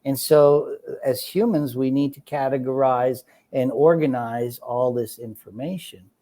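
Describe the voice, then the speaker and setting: Mellow, reflective man explaining ideas. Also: medium pitch, fairly even intonation, a little slow. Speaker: guest, children's book author. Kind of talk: conversational interview.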